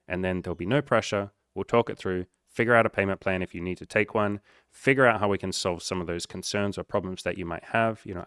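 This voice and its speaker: Man, dating coach, blunt tough-love pep talk, profane, lowish voice, dry close sound. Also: fairly bright tone, dry recording. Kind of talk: direct-to-camera coaching monologue.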